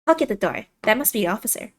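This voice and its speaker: A woman's voice: medium pitch, sing-song, very fast. A woman voicing a fierce, protective young woman coworker as she reads a visual novel aloud, talking in a hostile, scornful, confrontational way. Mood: playful.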